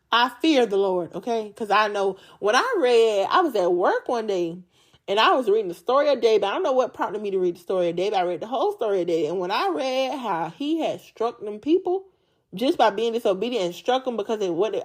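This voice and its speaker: A woman hosting a Bible study podcast, preaching in a casual, chatty way with slangy speech and a joking manner. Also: medium pitch. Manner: animated, jokey and chatty, often laughing.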